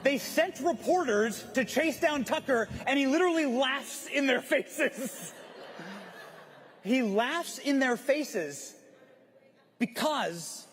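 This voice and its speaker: A man giving an impassioned, preachy rally speech to a crowd at a conference, often shouting. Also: very high voice, lively intonation, takes it slowly, a little hiss or hum. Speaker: conference speaker. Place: large event hall. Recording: long hall reverb.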